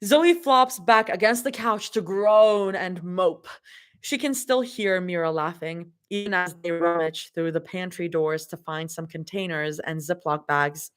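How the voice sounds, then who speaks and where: A woman with a lowish, clear, resonant voice gives a casual live reading of fanfiction at an unhurried pace. Between passages she laughs, swears, and drops in her own asides.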